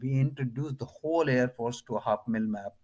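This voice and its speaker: This retired air force officer, an older man with an Indian accent, talks a little fast at a medium pitch. As an interview guest he spins anecdotes in a lively way, voicing the other characters himself.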